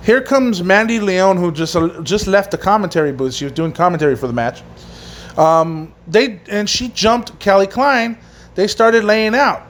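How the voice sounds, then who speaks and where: High-voiced man rambling through a wrestling recap. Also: normal speed. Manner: rambling, profane, many fillers and restarts. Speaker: wrestling podcast host. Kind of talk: casual solo review.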